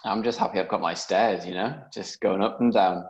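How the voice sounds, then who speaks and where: A man's voice: lowish voice, a little fast, muffled recording. A man hosting a video call, chatting loosely with lots of fillers and easy laughs. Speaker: host. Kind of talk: casual video call chat.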